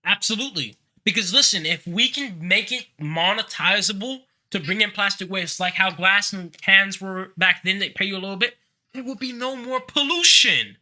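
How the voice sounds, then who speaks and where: A man's voice: high-pitched, normal speed, bright, forceful tone. A man hosting a live online Q&A in a brash, joking way, swearing casually as he talks. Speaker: host of a live Q&A.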